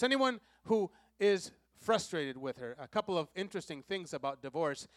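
A male pastor preaching in a high voice, drawing the congregation into call-and-response. He repeats key lines for weight and swings from loud, pressing emphasis to soft, low asides. The sound is dry and close, with almost no room. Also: animated, normal speed, few pauses, dry recording. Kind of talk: sermon.

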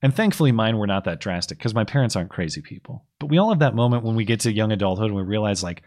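A man's voice: fairly low pitch, expressive, a little mellow. A man with a cold co-hosts a casual political podcast. His voice moves up and down a lot as he weighs his points. He hedges with care and laughs easily with his co-host. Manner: measured, hedging, laughs along. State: has a cold.

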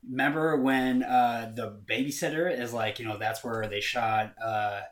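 A man's voice: mid-range voice, steady tone, moderate pace, echoey room. A man casually chatting about movies, retelling scenes in a rambling way with lots of fillers and swearing.

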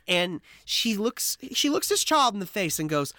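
Animated woman retelling a film. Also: mid-range voice, normal speed, hardly any pauses. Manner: animated, emotional storytelling. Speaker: podcast co-host. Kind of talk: casual chat recapping a film.

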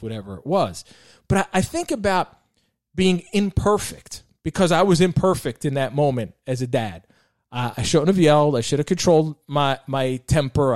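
Earnest higher-voiced male podcast host. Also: darkish tone, dry recording, studio quality. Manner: earnest, heartfelt storytelling with frequent restarts. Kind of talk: reflective faith talk with personal stories.

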